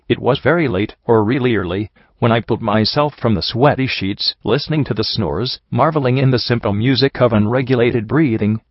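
A man reading a first-person story aloud in a calm, earnest narration. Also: medium pitch, brisk, few pauses, dry recording. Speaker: audiobook narrator. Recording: dull lo-fi, dry.

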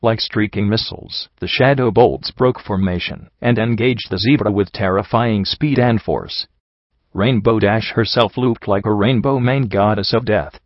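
Male narrator, low voice, earnest first-person story reading, dry muffled lo-fi recording. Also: no room sound. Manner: earnest, emotional.

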